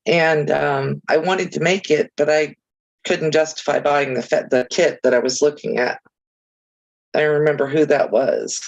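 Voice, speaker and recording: A woman's voice: low-pitched, fairly even intonation, normal speed, gravelly, dull audio. A woman hosting a casual crafting livestream, chatting easily with viewers and reading out their comments, with chirpy, self-deprecating asides.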